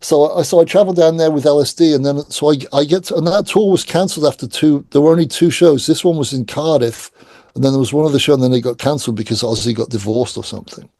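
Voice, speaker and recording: A middle-aged man tells rock anecdotes in a relaxed interview, mimicking the people in his stories. His voice is dark and mellow, recorded dry and close on a call. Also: on the high side, quick pace, no echo. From England. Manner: animated anecdotes, acts out quoted voices. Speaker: guest. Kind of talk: casual storytelling interview.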